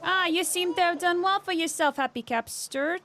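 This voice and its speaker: A woman voicing an old, seafaring fishing mentor, reading game dialogue aloud with a slow, instructive, sing-song delivery. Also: very high-pitched, pushed and bright, a little hiss or hum, pitched above the performer's own voice.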